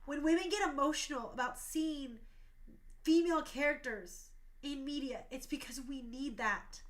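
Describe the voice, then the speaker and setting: A woman's voice: high voice, moderate pace. A woman in her thirties hosting a talk show stream, speaking passionately and emotionally, tearful at times.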